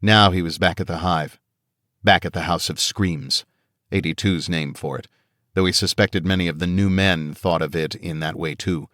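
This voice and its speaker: A man narrating an audiobook in a steady, measured reading style on a close studio mic. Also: low-pitched, dry recording. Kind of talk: scripted narration.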